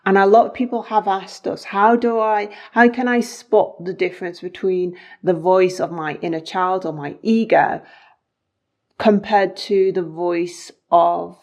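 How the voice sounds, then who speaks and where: A woman's voice: medium pitch, fairly even intonation, measured pace, a little mellow. A woman co-hosting a conversation, thoughtfully posing questions on behalf of listeners. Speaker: co-host. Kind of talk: interview conversation.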